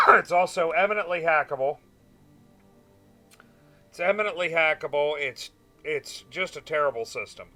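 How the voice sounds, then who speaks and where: Bright-voiced young man chatting on a game stream. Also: fairly high pitch, normal speed, pauses often. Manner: chatty, answers chat, trails off with fillers. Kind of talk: casual gaming stream chat.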